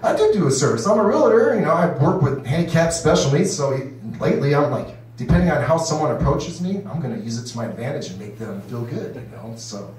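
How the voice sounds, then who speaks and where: A man's voice: on the high side, animated, quick pace, few pauses, darkish tone. A man doing his first stand-up set, rambling loosely with lots of "you know" and acting out voices. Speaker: stand-up comedian. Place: comedy club stage. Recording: echoey room, distant mic.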